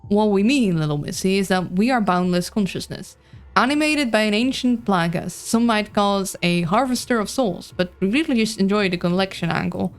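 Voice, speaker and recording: A woman voicing a sly ancient talking plant parasite with a folksy cowboy drawl, her voice hoarse. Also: medium pitch, lively intonation, moderate pace, natural voice. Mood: coaxing.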